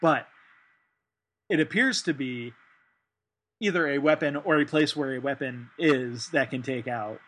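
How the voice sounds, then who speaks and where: A man's voice: medium pitch, a little slow, long pauses, a bit bright. Rambling man in casual discussion. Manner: thinking aloud with many fillers and restarts. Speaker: podcast co-host.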